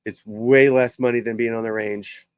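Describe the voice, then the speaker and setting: An older man chats on a live golf stream in a blunt, salty way, rambling and swearing freely. His voice sits at an ordinary middle pitch and sounds close and dry. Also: steady tone, normal speed, smooth, no room sound. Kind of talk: casual live-stream chat.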